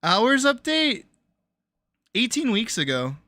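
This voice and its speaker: A woman streamer chatting casually on a live stream, reacting loudly with exclamations, swearing and laughter. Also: a little high, sing-song, slow. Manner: loud, exclamatory, swears freely, laughs often.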